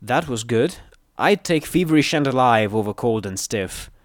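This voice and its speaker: A man reading a first-person adventure story aloud, brisk and earnest, close to the mic. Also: medium pitch, animated, no room sound. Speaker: narrator.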